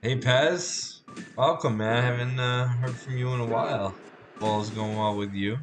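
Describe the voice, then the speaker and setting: A man's voice: medium pitch, fairly even intonation, measured pace, over music. A man hosting a live game stream, chatting casually and greeting viewers by name. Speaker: livestream host. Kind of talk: casual chat while gaming.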